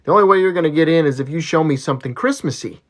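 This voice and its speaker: A man's voice: a little high, rapid-fire, natural voice. A man voicing an older, folksy gatekeeper at heaven's gate who speaks matter-of-factly.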